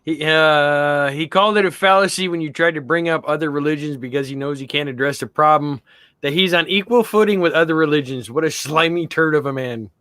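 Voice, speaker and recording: A man's voice: fairly high pitch, fairly bright tone, no echo. A man in casual chat, reading comments aloud in a blunt way. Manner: blunt, quick to laugh. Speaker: guest.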